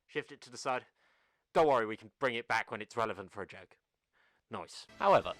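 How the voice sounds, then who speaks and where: A man's voice: medium pitch, fairly bright tone. A man from the United Kingdom narrating a scripted comedic video essay in a sarcastic, mock-serious way.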